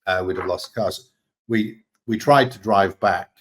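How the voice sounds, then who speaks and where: An Australian man chatting as a guest, relaxed and candid, swearing freely as he tells stories. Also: on the low side, moderate pace. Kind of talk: casual storytelling chat.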